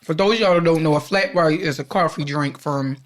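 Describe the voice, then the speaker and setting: Animated woman telling a funny story. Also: sits low, a little fast. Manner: animated storyteller, swearing, acts out quotes. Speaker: podcast co-host. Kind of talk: casual chat, storytelling.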